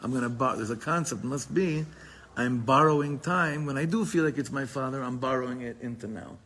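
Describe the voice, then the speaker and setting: Husky-voiced man teaching a Torah class. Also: mid-range voice, a little fast, a bit bright. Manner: switches between reading Hebrew text aloud and casual English explanation; digressive, talkative, with frequent restarts. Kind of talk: Torah class, reading and explaining texts.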